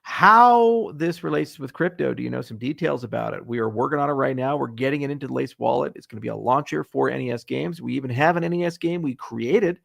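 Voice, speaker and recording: A man's voice: mid-range voice, fast talker, gravelly, few pauses, a bit bright. A middle-aged man hosting a casual livestream Q&A, answering viewer questions in a blunt, sarcastic and profane way. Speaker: host.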